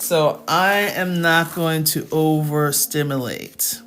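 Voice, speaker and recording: A woman's voice: deep voice, steady tone, measured pace, soft background music. Chatty laughing woman math tutor. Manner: chatty, laughs often, talks to viewers. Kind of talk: casual livestream lesson.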